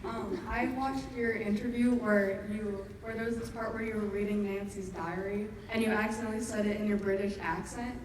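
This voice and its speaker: Woman fan, soft hesitant question; distant, very echoey convention hall with noise. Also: mid-range voice, fairly even intonation, fairly quick, hardly any pauses. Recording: echoey hall from far off, noisy.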